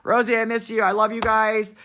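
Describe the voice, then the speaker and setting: A woman's voice: fairly high pitch, flat delivery, brisk, fairly bright tone, a little hiss or hum. A woman on a phone livestream, greeting viewers by name in an affectionate, chatty, rambling way. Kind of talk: casual livestream shout-outs.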